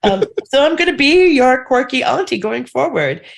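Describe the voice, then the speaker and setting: A woman's voice: high-pitched, sing-song, normal speed, gravelly. A woman speaking as a podcast guest, chatting candidly and making fun of herself. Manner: candid, self-deprecating, chatty. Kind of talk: casual podcast chat.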